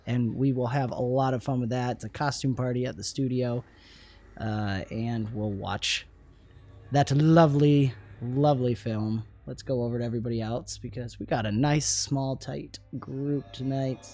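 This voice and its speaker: A man hosting a tabletop game livestream from a studio, upbeat and laughing often between quick asides. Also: medium pitch, fairly even intonation, mellow. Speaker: host. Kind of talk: livestream game intro chat. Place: gaming studio.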